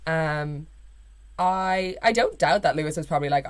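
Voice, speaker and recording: A woman's voice: low-pitched, moderate pace, clear, resonant tone. A young woman with an Irish accent co-hosting a podcast, talking casually with lots of fillers and quoted asides. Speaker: podcast co-host. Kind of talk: casual chat.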